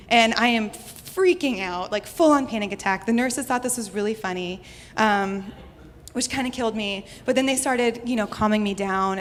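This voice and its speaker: A young American woman from Houston, telling a personal story to a live audience in a chatty way, laughing often and saying "like" a lot. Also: fairly high pitch. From United States (Houston). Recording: reverberant hall, faint noise.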